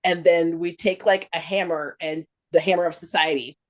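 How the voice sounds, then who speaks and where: A woman as a podcast guest, talking casually and animatedly, sometimes acting out voices. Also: moderate pace. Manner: animated, acts out voices in high pitch. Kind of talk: casual spiritual chat.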